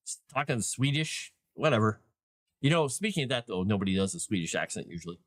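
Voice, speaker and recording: Casual male livestream host, middle pitch, rambling and chatty, close dry sound. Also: animated, brisk, fairly bright tone, no room sound. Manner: rambling, chatty, with many fillers and restarts. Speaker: livestream host and game master.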